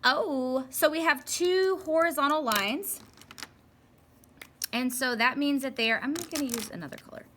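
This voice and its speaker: A young woman walks through a math lesson in a bright, crisp voice, chatting and joking with herself as she works each problem. Her delivery is casual and playful rather than formal. A faint background noise sits under the recording. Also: sits high, moderate pace. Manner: chatty, playful, talks to herself while working. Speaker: math teacher.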